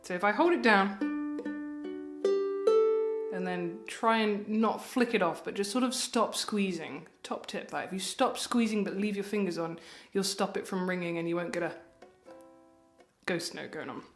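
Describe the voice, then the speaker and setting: A woman tutor talks through a ukulele lesson in a relaxed, chatty way, counting beats out loud. Her voice sits at a middle pitch and carries a noticeable room echo. Faint ukulele playing runs behind her. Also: normal speed, pauses often, faint music behind. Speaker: music tutor. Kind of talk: friendly instrument tutorial.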